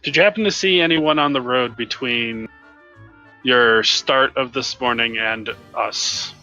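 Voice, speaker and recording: A young man playing at a tabletop game, talking in a quick, dry, joking way. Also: mid-range voice, sharp tone, faint music behind, low-quality recording. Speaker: player. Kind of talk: casual chat at a tabletop game.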